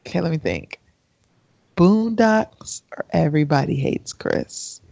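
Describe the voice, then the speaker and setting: A woman's voice: sits low, sing-song, slow, gravelly, long pauses, a little mellow, no echo. A woman co-hosting a casual podcast chat, talking in an indecisive, exasperated way with frequent sighs. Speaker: podcast co-host. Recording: dry, slightly dull.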